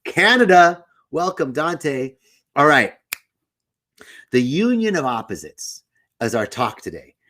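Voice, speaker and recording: A man's voice: fairly high pitch, sing-song, takes it slowly, long pauses, bright, forceful tone. A middle-aged man hosting a spiritual live stream, chatting casually, greeting viewers by name and telling a candid story.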